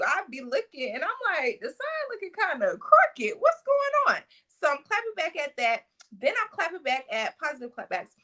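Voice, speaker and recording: A woman's voice: a little high, sharp tone. A woman co-hosting a podcast in casual chat, playful and teasing. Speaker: podcast co-host.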